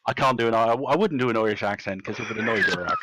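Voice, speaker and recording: A man running a tabletop game as game master, narrating and chatting in an animated way on a live stream. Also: mid-range voice, racing, background noise. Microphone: close mic, live stream.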